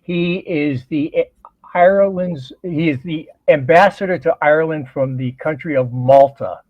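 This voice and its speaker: A man guesting on a talk show tells stories in a chatty way, often restarting his sentences. His voice sits fairly high, and the sound is dull and muffled with no room around it. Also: measured pace, no echo. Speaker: podcast co-host, guest. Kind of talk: casual interview chat.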